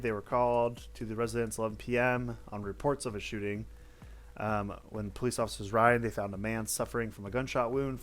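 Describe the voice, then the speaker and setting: A man hosting, reading news stories aloud with blunt, offhand asides and some cursing. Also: mid-range voice. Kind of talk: casual news read-through with commentary.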